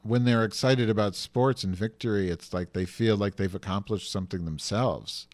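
A man's voice: on the low side, normal speed, no echo. A man co-hosting a casual podcast chat, brash, profane and theatrical. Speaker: podcast co-host.

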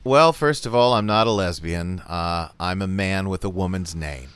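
A man co-hosting a chat show with a low, smooth voice. He talks in a dramatic, indignant, campy way and holds the floor at length. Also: normal speed, a bit bright, no echo. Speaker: co-host. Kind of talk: casual chat.

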